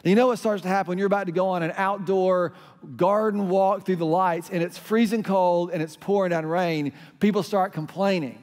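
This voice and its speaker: A man's voice: high-pitched, steady tone, fairly quick, a little mellow. A middle-aged man, preaching a sermon as pastor and telling stories that lead into crowd call-and-response. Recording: hall reverb.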